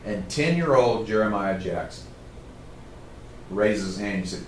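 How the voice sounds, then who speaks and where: A middle-aged man telling stories to a live audience as a trainer, in a casual, animated way. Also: on the low side, measured pace, a little hiss or hum. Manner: casual, animated storytelling, says "man" often. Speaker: trainer speaking to a group. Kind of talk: storytelling talk to a live audience. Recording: roomy, distant mic.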